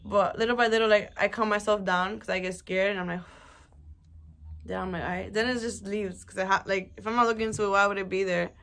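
A woman's voice: medium pitch, a little fast. A young woman talks straight to her viewers in a loose, rambling way. She swears often and leans on fillers as she tells her story. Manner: rambling, animated, swears a lot, many fillers. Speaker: vlogger. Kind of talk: casual storytelling to camera.

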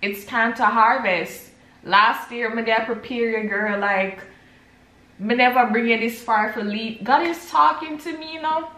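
A woman's voice: on the high side, measured pace, a bit bright. A young Jamaican woman chatting casually to her vlog audience at home, switching between patois and English. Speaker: vlogger. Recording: roomy echo.

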